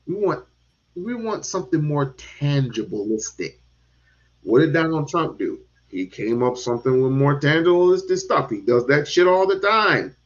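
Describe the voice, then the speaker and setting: A man talking politics in a casual chat, animated and given to repeating words and casual swearing. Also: a little high, normal speed. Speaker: podcast host. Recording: dull lo-fi sound.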